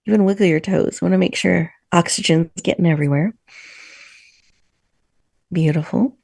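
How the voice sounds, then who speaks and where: Host type: woman guiding meditation, slow and soothing, slight vocal fry, dry close sound. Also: on the low side, dry recording. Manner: soft, slow, soothing guidance. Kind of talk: guided breathing meditation. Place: virtual room, video call. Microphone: video call.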